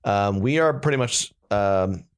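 A man's voice: on the low side, animated, unhurried, clean tone. A young man co-hosting a comedy podcast, chatting casually in a rambling, joking way full of fillers. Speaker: podcast co-host.

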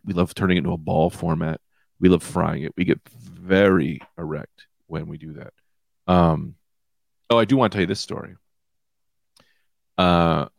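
Man, thirties, gravelly low voice, dry close sound, stoned, rambling podcast monologue. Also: no room sound. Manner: rambling, loose, jumps between tangents. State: high. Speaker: podcast host, comedian. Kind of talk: casual comedic monologue. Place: small room with lights out.

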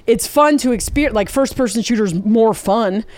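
A woman's voice: fairly high pitch, normal speed, darkish tone, no room sound. A woman comedian as a podcast guest, explaining her ideas in an earnest, reflective way. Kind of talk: casual chat.

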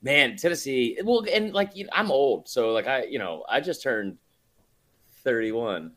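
A man's voice: mid-range voice, lively intonation, unhurried, fairly bright tone. Rambling, laughing male podcast guest. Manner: rambling, filler-heavy, laughs often. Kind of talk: casual chat.

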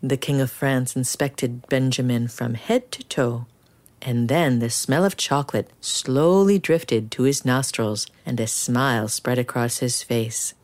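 A woman reading a children's picture book aloud in an expressive, animated storytelling style. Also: a bass voice, measured pace.

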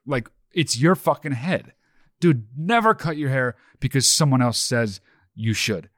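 Male co-host, lively pitch, blunt crude advice, dry close mic. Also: a little slow, dry recording. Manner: profane, blunt advice-giving, laughs often. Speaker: podcast co-host. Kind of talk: crude casual banter.

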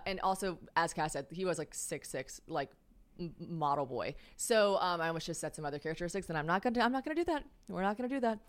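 A young woman hosting a podcast, telling a story in a casual, animated way, full of "like" fillers, self-mocking asides and acted-out dialogue. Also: lowish voice. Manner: chatty and animated, lots of "like" fillers, acts out quoted dialogue. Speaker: podcast host.

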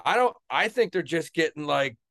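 A man's voice: fairly high pitch, expressive, normal speed, vocal fry. A man co-hosting a casual podcast, telling profane stories. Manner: profane storytelling, loud acted quotes. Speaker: podcast co-host. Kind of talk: casual crude banter.

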